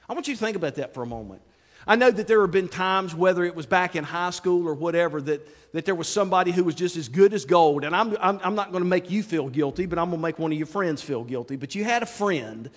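A male pastor preaching an animated sermon to his congregation, acting out the quotes he tells and calling out to people in the pews. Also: sits high. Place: church sanctuary. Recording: long reverb of a large hall.

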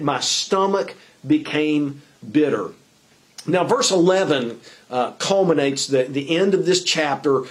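Earnest, halting male preacher. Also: a little high. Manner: earnest, halting, with many fillers and restarts. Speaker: pastor. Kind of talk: sermon.

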